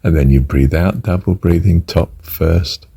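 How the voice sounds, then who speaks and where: Very deep gravelly older man, husky. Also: unhurried, no room sound. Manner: soft-spoken, drifts into whispered counting. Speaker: breathing teacher. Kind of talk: spoken meditation instruction.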